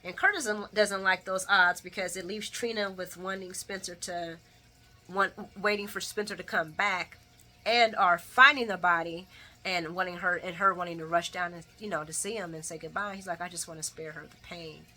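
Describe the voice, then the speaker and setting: A woman talks through a daily soap recap in a bright, forward voice. She chats directly to her viewers, laughs easily and talks back at the characters with expressive flair. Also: lowish voice, normal speed. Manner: chatty, addresses viewers directly. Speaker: soap opera recap vlogger. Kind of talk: casual daily recap commentary.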